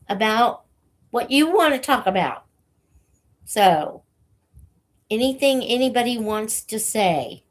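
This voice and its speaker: Woman host with a cold, breathless; slow, halting casual chat to camera viewers. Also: a little high. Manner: slow, halting, with many fillers. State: has a cold, short of breath. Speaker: channel host reading books aloud for students.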